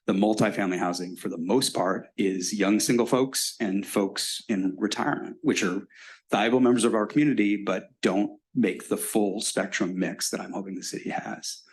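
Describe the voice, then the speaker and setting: A man's voice: on the low side, steady tone, normal speed. A middle-aged man, the mayor, answering residents' questions at a public meeting in a frank, explanatory, conversational way. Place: city hall meeting room.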